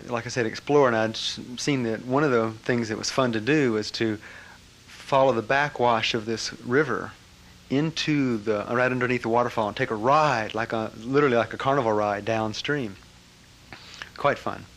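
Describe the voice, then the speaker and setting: A man telling a personal story to an audience, animated, with frequent laughter and trailing fillers. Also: medium pitch, normal speed. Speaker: speaker recounting a memory. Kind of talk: personal anecdote to a live audience.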